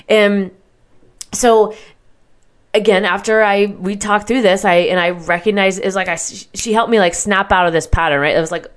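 A woman's voice: medium pitch, fairly even intonation, normal speed, clean tone. A woman hosting a show, telling a candid personal story in a chatty, rambling way with lots of filler words and the occasional casual swear. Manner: chatty, heavy use of "like" and "right?". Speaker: podcast host.

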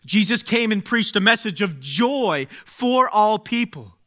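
A man preaching a sermon, speaking slowly and deliberately, dropping to a hush and then rising to exclaim. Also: high-pitched, animated. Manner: slow, deliberate, swings from hushed to exclaiming.

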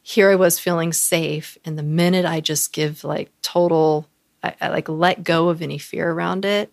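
A woman co-hosting a podcast, recounting a personal story with lots of fillers. Her voice sits low with a gravelly fry. She acts out the voices of others as she talks. The sound is close and dry. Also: moderate pace, no room sound. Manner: animated, acts out quoted voices, frequent fillers. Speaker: podcast co-host.

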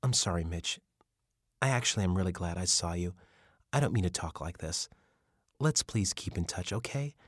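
A man voicing a grieving young mother who speaks softly and guardedly in an audiobook. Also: low-pitched, lively intonation, moderate pace, long pauses, dry recording, clean studio sound. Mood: subdued.

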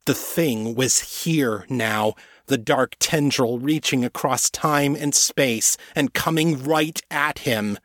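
A man reading a dark fantasy novel aloud as narrator, in a measured, deliberate storytelling manner. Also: medium pitch, dry recording, studio quality. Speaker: audiobook narrator. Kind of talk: scripted narration.

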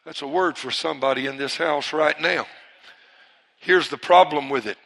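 At a church service, a pastor preaches a sermon, swinging between loud, forceful bursts and hushed lines while leading his congregation in call-and-response. His voice is fairly high-pitched and gravelly, at a moderate pace.

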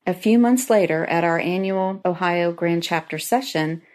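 A woman's voice: lowish voice, moderate pace, darkish tone. A middle-aged woman reading a personal story aloud in an earnest, heartfelt way, as a lodge member.

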